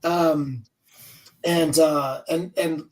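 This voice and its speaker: A man's voice: on the high side, steady tone, very slow, distant mic, rough recording. A man in his fifties, a comics writer chatting as an interview guest over a video call, talking in a rambling, candid way and swearing freely. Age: 50s. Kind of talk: casual interview chat.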